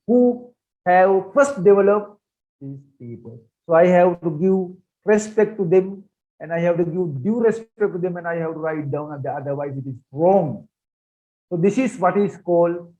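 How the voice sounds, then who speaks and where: A man's voice: sits high, mellow, muffled recording. A man giving an online research methods lecture, repeating points and asking rhetorical questions. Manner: repetitive, rhetorical questions, conversational teaching. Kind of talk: online lecture with shared slides.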